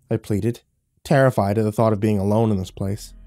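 A man reading a horror story aloud in a slow, grave, brooding manner. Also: on the low side, fairly even intonation, mellow. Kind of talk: scripted horror narration. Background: faint music.

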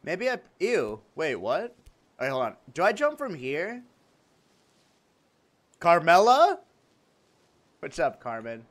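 A man streaming a game live, chatting playfully with his viewers, swearing freely and breaking into sudden excited outbursts. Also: on the high side, takes it slowly, long pauses. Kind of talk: casual game livestream chat.

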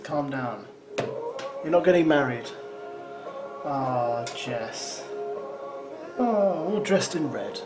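A man's voice: medium pitch, animated, slow, pauses often. A man giving teasing, sarcastic running commentary as he reacts to a show. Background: show soundtrack music.

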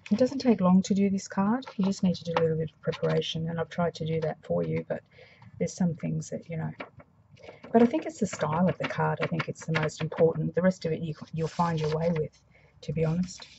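Brief: Australian woman craft demonstrator, low gravelly voice, slightly hoarse, mumbles softly, dull lo-fi recording. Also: a little fast, noisy background. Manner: soft-spoken, mumbling, thinking aloud. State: hoarse after flu. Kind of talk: casual craft tutorial.

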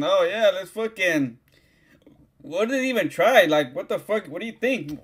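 A man's voice: high-pitched, a bit bright. A man, chatting casually on a livestream, rambling and swearing in heavy slang. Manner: profane, slangy, rambling, keeps saying "dog".

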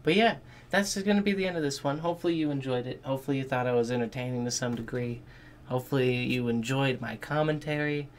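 A man giving casual, excitable reaction commentary on a game trailer, swearing freely and thinking out loud. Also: medium pitch, fast talker. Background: game trailer music.

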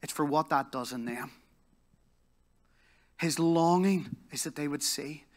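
A man with a Northern Irish accent preaching a sermon at a church service, telling a story with lively energy and then falling to a soft, slow hush. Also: fairly high pitch. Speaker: pastor. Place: church service in a leisure complex hall.

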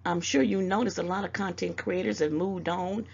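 Gravelly older woman giving motherly advice. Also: on the low side, fairly even intonation, a little mellow, dull audio. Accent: Southern US. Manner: motherly scolding, calls people baby, drawn-out mm-mm. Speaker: YouTube commentator. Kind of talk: casual direct-to-camera advice.

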